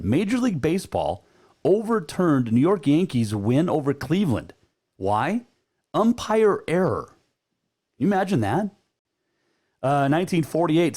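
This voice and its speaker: A man's voice: mid-range voice, a little mellow. A man hosting a sports talk radio show, chatting casually and rambling a bit with plenty of filler words.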